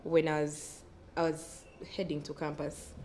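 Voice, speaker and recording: A lower-voiced young woman with a Ugandan English accent talks through a story in a casual studio chat, laughing between phrases. Her voice sits low for a woman. A faint hum of room noise runs behind her. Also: completely flat delivery, a little slow, mellow. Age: 20s. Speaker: panelist.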